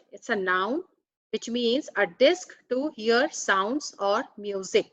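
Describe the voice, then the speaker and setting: Speaking at medium pitch in an animated way, a woman teaches English grammar slowly, reading words and definitions carefully one at a time. The recording is dry, and its highs are cut off.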